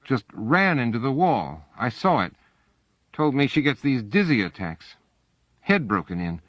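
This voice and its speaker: A man voicing a rough male prison henchman who reports in clipped, terse phrases. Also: mid-range voice, big pitch swings, a little slow, fairly bright tone, dry recording, voice pushed up. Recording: dull, dry audiobook recording.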